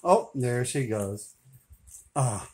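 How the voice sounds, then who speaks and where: A man in his forties filming at home, laughing hard, swearing and talking loudly in casual chat. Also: medium pitch, lively intonation, very slow, a little hiss or hum. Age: 40s.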